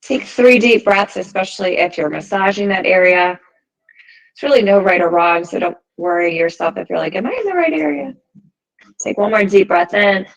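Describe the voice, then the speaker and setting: Female yoga instructor, mid-pitched, calm and encouraging, cueing each breath and stretch. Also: moderate pace, vocal fry, poor audio. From United States. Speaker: yoga teacher. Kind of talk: guided yoga class instruction.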